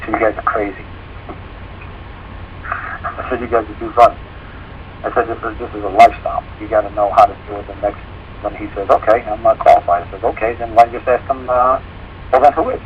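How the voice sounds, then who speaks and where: A man's voice: on the low side, steady tone, fast, long pauses, phone-quality sound, slight background noise. A man hosting a talk show, telling a rambling story in a casual way and acting out the quoted dialogue.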